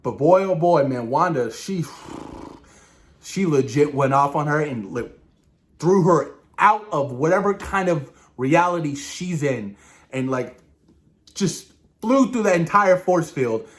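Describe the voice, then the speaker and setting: Man, excitable rambling show talk, lively swooping voice, slightly high, swears casually. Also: unhurried. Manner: excitable, rambling, swears freely, acts out reactions. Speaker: show reviewer. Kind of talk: casual episode discussion.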